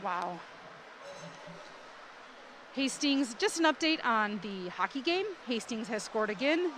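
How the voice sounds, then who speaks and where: A woman doing live commentary at a swim meet in an indoor pool, excitable and rising to shouts at close finishes. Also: a little high, slow, pauses often. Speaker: sports commentator. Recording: noisy poolside ambience.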